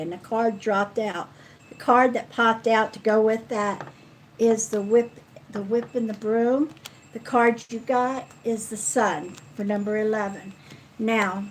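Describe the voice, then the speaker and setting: A middle-aged woman giving a live psychic card reading in a slow, chatty way, counting cards aloud. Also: a little high, a bit bright, a little hiss or hum, rough recording. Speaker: psychic reader.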